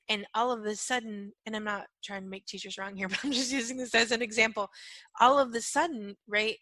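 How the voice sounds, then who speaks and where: Bright-voiced chatty woman teaching. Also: mid-range voice, no echo. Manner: chatty, with many "right?" and "like" fillers; acts out little voiced quotes. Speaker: spiritual teacher. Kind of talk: casual spoken teaching.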